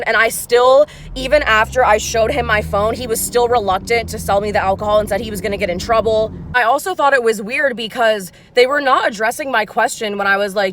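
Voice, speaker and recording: A woman's voice: on the high side, fairly quick. Chatty young woman telling a story. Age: 20s. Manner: chatty, animated, many fillers. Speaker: gig delivery worker vlogger. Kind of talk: casual storytime vlog.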